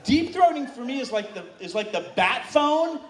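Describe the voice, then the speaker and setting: A man telling a bawdy story live on stage to an audience, animated and shouting out quoted moans. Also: very high-pitched, normal speed. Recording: distant, roomy live recording with crowd noise.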